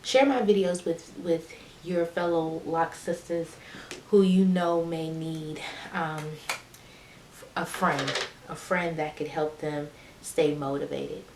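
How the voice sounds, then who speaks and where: Woman, vlogger, lowish voice, chatty, encouraging, casual how-to talk, echoey room. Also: steady tone, slow pace, noisy background. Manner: chatty and encouraging, talks to viewers directly. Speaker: beauty vlogger.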